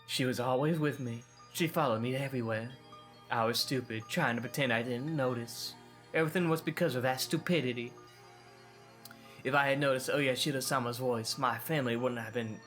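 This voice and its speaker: A man's voice: mid-range voice, a bit bright, close to an everyday voice. A man reading a visual novel aloud, voicing a tormented teenage girl sinking into paranoid delusion, repeating herself in an obsessive, pleading way.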